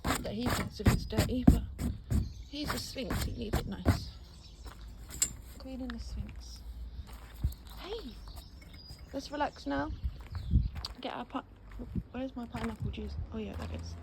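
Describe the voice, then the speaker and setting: A woman talking slowly to her cat in a casual vlog, cooing high sing-song baby talk and repeating soft affectionate phrases. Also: vocal fry. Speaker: vlogger. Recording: loud background noise.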